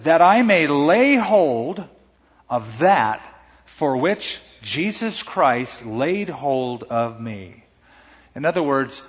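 Emphatic preaching man in echoey hall. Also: a little high. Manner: emphatic preaching with dramatic swings in loudness. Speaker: pastor. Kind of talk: sermon. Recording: echoey hall, dull muffled sound.

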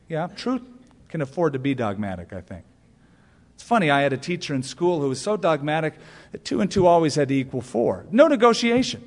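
A man's voice: fairly high pitch, big pitch swings, fairly quick, in a large hall. A male pastor preaching a sermon, telling stories and asking rhetorical questions with emphatic punch lines.

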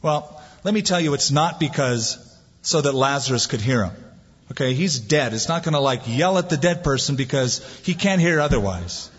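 A man's voice: mid-range voice, expressive, moderate pace, breathy edge. A man preaching a sermon as pastor, building emphasis and reading scripture aloud. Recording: dull lo-fi sound with long hall reverb.

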